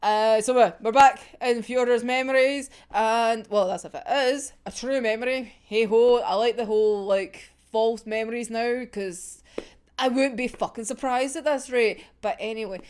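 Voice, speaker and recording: A woman's voice: a little high, moderate pace, darkish tone, clear, resonant tone. A young woman reacting to a manga chapter in casual, sweary talk, laughing often. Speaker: manga reaction video host.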